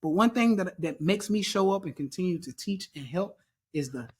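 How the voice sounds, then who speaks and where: A man's voice: high-pitched, expressive, moderate pace, breathy edge. A man teaching trading in a casual chart walkthrough, emphatic and repetitive, drilling his points home.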